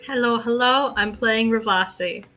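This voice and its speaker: A woman player chatting eagerly at a tabletop game over an online call, quick with compliments and repeating words when excited. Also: on the high side, faint music behind. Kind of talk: casual chat at a tabletop game.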